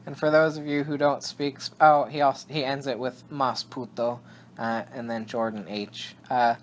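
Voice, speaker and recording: A young man is chatting loosely on a podcast, wandering off topic and circling back. He breaks off his own sentences, restarts them and laughs along the way. His voice sits at an everyday middle pitch. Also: little pitch movement, normal speed. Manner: rambling, self-interrupting, laughs often. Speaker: podcast co-host. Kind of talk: casual chat.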